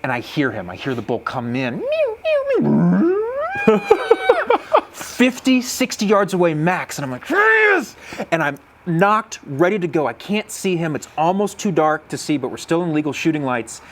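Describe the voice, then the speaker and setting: A young man telling a hunting story in a casual chat, excitable, laughing often and acting out animal calls. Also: on the high side, fairly quick, hardly any pauses, a little hiss or hum.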